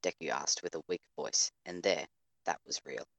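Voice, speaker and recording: Deep-voiced male narrator, dry sound. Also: normal speed, fairly bright tone, no echo. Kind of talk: scripted audio drama narration. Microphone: home microphone over voice chat.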